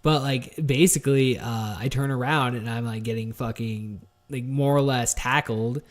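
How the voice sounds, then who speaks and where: A male solo podcaster in a medium-pitched voice, talking loosely and candidly. He swears freely and piles on fillers, false starts and repeated words as he reflects on his life. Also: steady tone, moderate pace. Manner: rambling, profane, heavy on fillers and restarts; candid and introspective. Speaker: podcast host.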